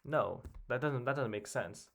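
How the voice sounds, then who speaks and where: A man's voice: medium pitch, animated, measured pace, creaky, a bit bright. A young man thinking aloud as he works a crossword alone, muttering guesses and half-words to himself. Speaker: puzzle solver. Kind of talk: casual solo commentary while solving.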